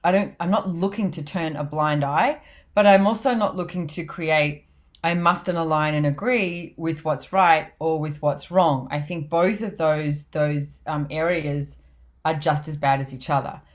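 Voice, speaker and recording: A low-pitched woman talks in a loose, chatty way on a podcast. She laughs easily and slips into quoting other people as she tells stories. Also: measured pace. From Australia. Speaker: podcast host and author. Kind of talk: casual podcast chat.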